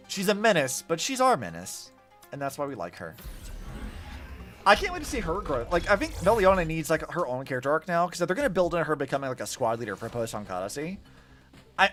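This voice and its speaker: Animated chatty young man streaming a game. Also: a little high. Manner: chatty, animated, many likes and fillers. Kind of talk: casual gameplay commentary. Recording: faint music behind. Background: faint game music.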